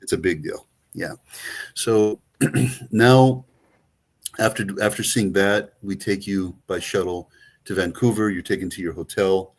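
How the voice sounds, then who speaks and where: A man with a very low voice and a Greek accent talks through a travel itinerary in a loose, rambling way. He co-hosts a casual travel show and fills his sentences with ums and restarts. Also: measured pace. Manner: rambling, many fillers and restarts. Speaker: co-host, travel agent. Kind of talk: casual chat.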